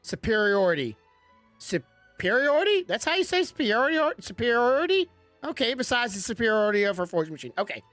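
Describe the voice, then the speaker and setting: A woman's voice: a little high, very animated, fast talker, fairly bright tone, no echo, soft background music. A woman giving casual commentary while playing a game, chatty and self-mocking, stumbling as she reads the text aloud. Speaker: gaming streamer.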